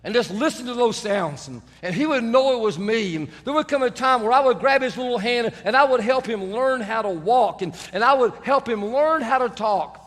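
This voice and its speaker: A middle-aged man preaches to his congregation, with a light, self-mocking storytelling manner. His voice sits high for a man. A long reverb trails after his words, from a large church sanctuary. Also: animated, normal speed, few pauses, fairly bright tone. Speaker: pastor. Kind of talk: sermon.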